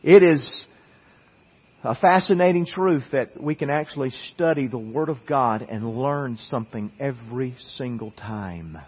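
A man's voice: mid-range voice, unhurried, husky. A man preaching a sermon, telling a personal story in a conversational way, with frequent restarts and asides to the congregation. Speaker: pastor. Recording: dull muffled recording with long hall reverb.

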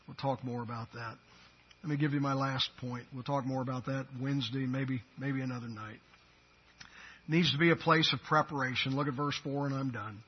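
High husky preacher guy, quiet then loud and slow, muffled lo-fi sermon tape. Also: steady tone. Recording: dull lo-fi sermon recording.

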